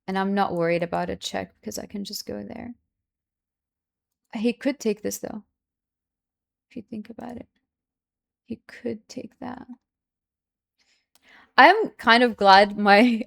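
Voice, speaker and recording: A woman's voice: medium pitch, creaky. Young woman chess streamer muttering her moves, anxious, talks over herself. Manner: anxious, repeats herself when stressed; bursts into loud excited cries. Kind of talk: thinking aloud while playing chess.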